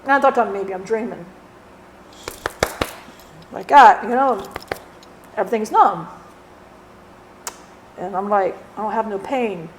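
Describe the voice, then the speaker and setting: A woman's voice: mid-range voice, unhurried, long pauses, a little hiss or hum, natural voice. A woman channeling the spirit of a dead man, who rambles bluntly, swears and keeps saying "you know". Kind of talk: channeling session.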